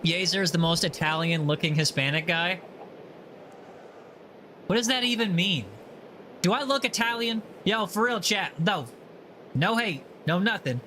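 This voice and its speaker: A playful streamer chats while gaming, reading out messages from viewers and joking back at them in a teasing way. He's a man with a high voice that has a bright, forward edge. Faint hiss runs beneath the recording.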